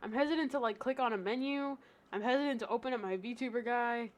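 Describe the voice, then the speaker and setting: A woman streaming live, talking loosely with a cohost and swearing without a second thought. Her voice sits on the higher side, and she laughs often, breaking into stammers whenever she gets nervous. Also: fast. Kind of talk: casual live-stream chat.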